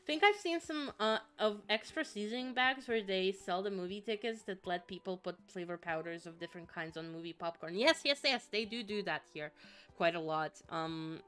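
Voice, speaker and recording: A young woman from Finland chatting away on a gaming stream at a mid pitch, rambling through fillers and the odd swear word. She sounds a little sniffly. Faint game music plays behind her on a close desk mic. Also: expressive, normal speed, fairly bright tone, clear, resonant tone. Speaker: vtuber streamer. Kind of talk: casual gaming stream chat.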